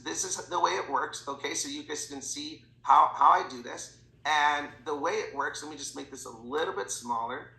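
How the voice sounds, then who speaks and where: A man giving a sales training talk to his team, talking fast and acting out bits of dialogue with clients. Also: vocal fry. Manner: fast, animated, slips into quoted voices. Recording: echoey room with faint rumble.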